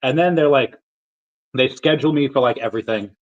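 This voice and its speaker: Casual male streamer, thirties, rambling storyteller who acts out voices, mid-pitched, slightly muffled sound. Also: brisk. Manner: rambling, animated anecdotes, acts out quotes, frequent fillers.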